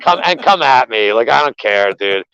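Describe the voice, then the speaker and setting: A man co-hosting a betting show, rambling in casual, profane sports chat with animated rants. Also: medium pitch, normal speed, smooth, no room sound. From Philadelphia area. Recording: dull, lo-fi, dry sound.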